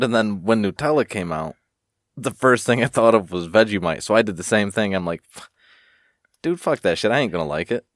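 A man's voice: deep voice, dry recording, clean studio sound. A man hosting a podcast, laid-back and profane in casual chat, laughing often. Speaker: podcast host.

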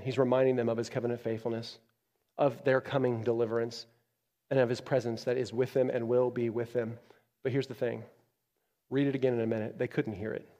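A male pastor delivers a sermon in a church, swinging between loud, emphatic peaks and quiet, low stretches. His voice sits at a middle pitch. The sound rings with the long reverb of a large hall.

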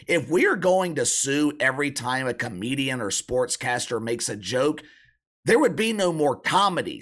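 A man with a sick, hoarse, croaky voice hosting a sports commentary channel, talking bluntly and sarcastically in an opinion monologue. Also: medium pitch, sharp tone.

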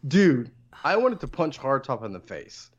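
A man's voice: medium pitch, sing-song, unhurried. A man co-hosting a podcast, joking crudely and swearing while he acts out characters' lines. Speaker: podcast co-host. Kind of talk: casual banter with crude jokes. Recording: dull lo-fi mic.

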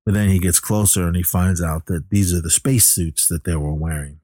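A man's voice: deep voice, brisk, warm tone, no echo, studio quality. A man casually retelling a film's plot, rambling with lots of fillers and restarts. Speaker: film recapper. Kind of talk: casual movie plot recap.

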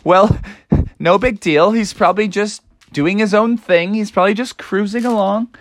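A woman voicing an excited young male frog who sails a boat and brags cheerfully, in a children's story. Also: medium pitch, normal speed, no room sound, voice pushed up, natural voice. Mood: carefree. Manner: boastful, cheerfully carefree.

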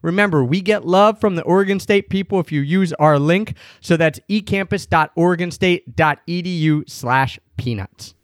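A man's voice: sits high, normal speed, hardly any pauses, no room sound. A man hosting a podcast with an upbeat, playful energy and a slightly raised voice. He leans on his words for emphasis. The sound is dry and close. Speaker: podcast host.

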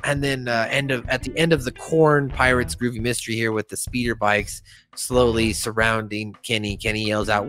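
A man hosting a casual podcast, talking through a cartoon episode with plenty of energy. He jumps up into a raised voice whenever he reads out a character's line. Faint music plays quietly behind him. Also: medium pitch, brisk. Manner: animated, quotes cartoon lines in a raised voice. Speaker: podcast host.

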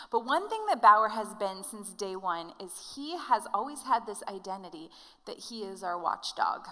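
A woman pastor preaching a sermon to her congregation, telling a personal story in an animated, conversational way. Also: mid-range voice, big-room sound, rough recording. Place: church hall.

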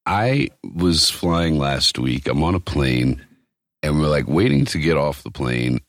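A man co-hosting a podcast, telling stories in a profane, animated casual chat. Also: extremely low pitch, measured pace, no room sound, clean studio sound. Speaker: podcast co-host.

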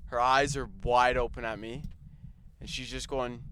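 A man's voice: medium pitch, flat delivery, moderate pace, sharp tone, slight background noise. A young man on a podcast telling crude, casual stories about his parents and work. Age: young adult. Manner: crude storytelling with acted-out quotes. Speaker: podcast co-host. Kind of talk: casual chat.

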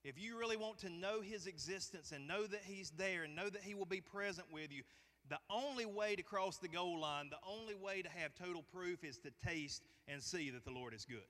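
A high-voiced, bright-toned man preaching. He keeps it folksy and conversational and jokes with the congregation. His voice rings through a church sanctuary with a long reverb tail. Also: normal speed. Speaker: pastor. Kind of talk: sermon.

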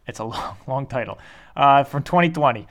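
A man co-hosting a board game podcast, talking in a rambling, halting way with lots of fillers. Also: mid-range voice, lively intonation, a bit bright. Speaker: podcast co-host.

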